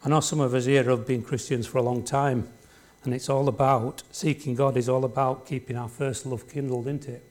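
Speaking a little fast with few pauses, this preacher has a medium-pitched, slightly mellow voice that moves little in pitch. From the front of the church he talks plainly and conversationally, leaning on tag questions like "isn't it?" and "don't we?" to draw in the congregation.

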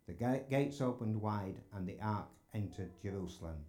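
A man with a low, mellow voice delivers a sermon from the pulpit of a church sanctuary. He speaks earnestly and builds to emphatic peaks when he stresses a point. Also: moderate pace, hardly any pauses, a little hiss or hum. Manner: earnest, rising to emphatic exclamations. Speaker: preacher.

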